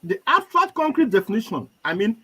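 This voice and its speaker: A man's voice: high voice, a little fast, slightly rough, rough recording. A young man with a Nigerian accent, a guest telling a life story with quoted dialogue in a live chat. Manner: animated storyteller, quotes others.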